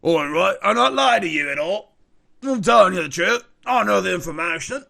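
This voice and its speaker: A man's voice: high voice, lively intonation, moderate pace, gravelly, bright, forceful tone, pitched above the performer's own voice, exaggerated voice. A man doing a shady, pushy information broker. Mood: insistent. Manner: rude, pushy salesman bluster. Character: shady male information broker, boastful haggler.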